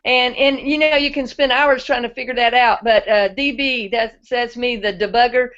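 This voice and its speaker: Friendly high-voiced woman hosting an online hangout, muffled audio. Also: fairly even intonation, normal speed, fairly bright tone. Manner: friendly, chatty, Southern-style speech. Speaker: host of a web hangout. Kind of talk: casual chat. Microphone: video call. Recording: muffled web call audio.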